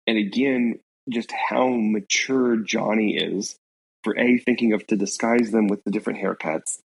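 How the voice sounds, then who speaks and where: Husky, gravelly man musing on a book. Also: fairly low pitch, low-quality recording. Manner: thoughtful, halting, many fillers. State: congested. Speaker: podcast co-host. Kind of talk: casual book discussion.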